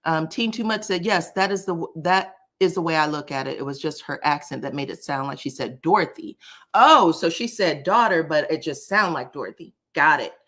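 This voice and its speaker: A woman chats through a live stream in a slightly low voice. She is animated and talkative, turning often to speak to her viewers in the chat. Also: brisk. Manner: animated, chatty, addresses the chat directly. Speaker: livestream commentator. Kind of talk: casual live-stream commentary.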